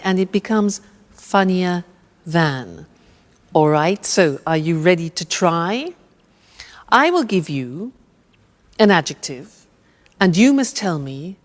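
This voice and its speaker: A woman's voice: lowish voice, expressive, takes it slowly, long pauses. A woman presenting an English lesson, speaking carefully and patiently as she drills grammar forms with the viewer. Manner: patient, over-enunciated, prompting. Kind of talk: slow, drilled language lesson. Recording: long reverb.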